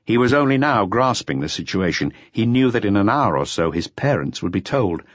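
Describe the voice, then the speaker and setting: A man with a low voice narrates a mystery audiobook in measured, expressive tones. His delivery rises and falls in a lively way. The recording is close, dry and slightly lo-fi. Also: dry recording. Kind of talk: scripted narration.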